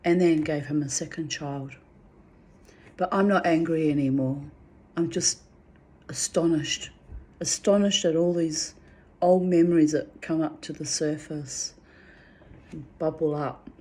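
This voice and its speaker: A woman's voice: low-pitched, fairly even intonation, measured pace, long pauses, dark tone, husky. A middle-aged woman recounting personal memories in a candid, rambling way. She talks frankly, swears freely and restarts her sentences often. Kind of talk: candid spoken reflection.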